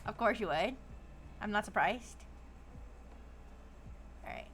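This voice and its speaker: A woman's voice: medium pitch, slow, fairly bright tone, a little hiss or hum. A young woman streaming live who chats casually, giggles often, and reads viewer messages aloud before riffing on them.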